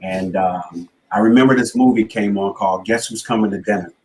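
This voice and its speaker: A man with a fairly low voice tells his story in a talk-show interview. His cadence is earnest and motivational, and it builds like a preacher's. He sounds middle-aged. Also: brisk, a little mellow, low-quality recording. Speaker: guest speaker and author.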